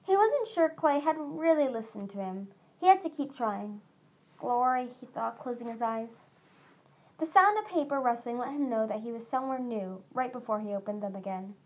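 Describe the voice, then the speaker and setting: A woman's voice: on the high side, expressive, normal speed. A woman narrating a storybook aloud, reading steadily with small slips and restarts. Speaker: audiobook reader.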